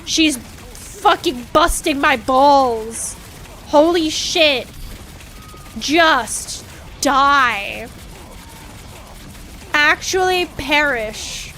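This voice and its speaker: A woman's voice: high voice, expressive, drawn-out words, long pauses, bright, forceful tone, a little hiss or hum. A woman streaming a game in casual chat, dramatic and whiny, swearing freely as she talks.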